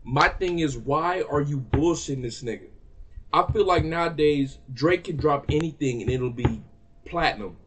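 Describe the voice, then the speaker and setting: A man with a fairly high speaking voice vents to the camera in a casual, exasperated rant. He swears freely and circles back to the same points to hammer them home. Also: moderate pace, a bit bright, slight background noise. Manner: exasperated, profane, repeats himself for emphasis. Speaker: music reaction vlogger.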